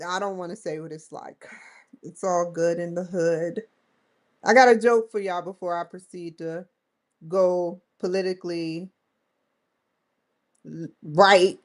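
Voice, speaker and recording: Rambling, laughing woman vlogger. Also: lowish voice. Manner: rambling, laughs often, acts out dialogue in quotes. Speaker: vlog host. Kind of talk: casual chat to camera.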